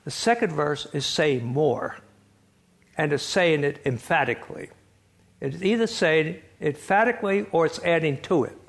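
Older male lecturer, gravelly, slightly high voice, wry and chatty. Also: lively intonation, a little slow. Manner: wry, chuckling storyteller, reads quotes aloud. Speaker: lecturer on biblical poetry. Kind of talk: classroom lecture.

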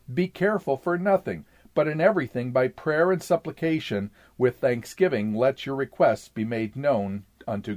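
A man reading an old sermon aloud in a measured, formal way, saying "quote" and "end quote" around scripture passages. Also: medium pitch, a little mellow.

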